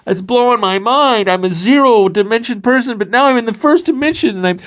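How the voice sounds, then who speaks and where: Super high squeaky little line creature, giddy and amazed, all over the place. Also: male voice, expressive, brisk, a bit bright. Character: tiny giddy male one-dimensional being.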